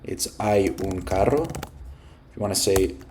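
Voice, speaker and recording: A low-voiced male language teacher who explains grammar slowly and patiently, pausing to clear his throat now and then. Faint keyboard clicks tick along in the background. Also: a little mellow, a little hiss or hum. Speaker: Spanish teacher. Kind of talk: explaining a listening exercise.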